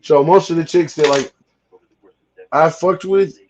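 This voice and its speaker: A man's voice: a little high, measured pace, a little mellow, highs cut off, slight background noise. Stammering, profane man in casual chat. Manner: profane, stammering, repeats himself. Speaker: host.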